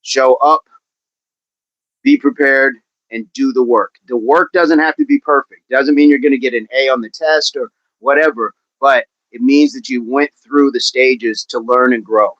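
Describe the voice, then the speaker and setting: A man's voice: medium pitch, steady tone, normal speed, fairly bright tone, no room sound. A man coaching fitness on a livestream, talking with viewers in an upbeat, encouraging way and often repeating his phrases. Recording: dull, dry livestream audio.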